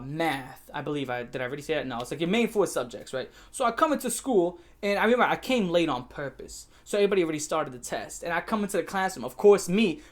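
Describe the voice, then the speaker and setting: Brash swearing New guy ranting. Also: a little high. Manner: brash, swearing, boastful, swings between mumbling and shouting. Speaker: YouTuber. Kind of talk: profane storytime rant.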